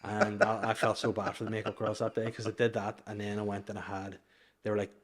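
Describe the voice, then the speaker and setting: A man's voice: fairly low pitch, monotone, fast. A young adult man, an actor, chatting casually on a podcast with a joking, rambling manner and frequent restarts. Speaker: actor guest.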